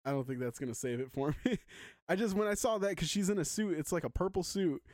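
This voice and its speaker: A man steering a relaxed podcast conversation, quick to laugh. His voice sits slightly high and the sound is dry and close. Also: no room sound. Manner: laughs often, leads the questions. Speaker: podcast co-host. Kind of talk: casual chat.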